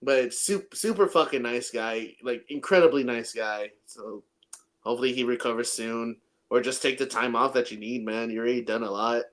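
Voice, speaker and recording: A man's voice: mid-range voice, fairly even intonation, normal speed, fairly bright tone. A young man from San Antonio, Texas, co-hosting a podcast in a laid-back, casual chat, swearing often and laughing a lot. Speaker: podcast co-host.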